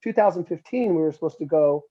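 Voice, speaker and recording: Talking fast in a slightly high voice, a middle-aged metal musician tells stories casually as an interview guest, with dull audio. He acts out what others said, getting animated and raising his voice.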